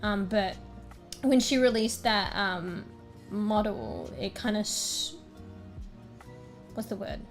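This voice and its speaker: A young Australian woman chats on a livestream from a small room at home, rambling loosely through filler words. Her voice sits at an ordinary pitch and sounds slightly worn, as though she is losing it. Faint music plays in the background. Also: slow pace, pauses often. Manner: rambling, filler-heavy, chatty. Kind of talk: casual chat with stream viewers.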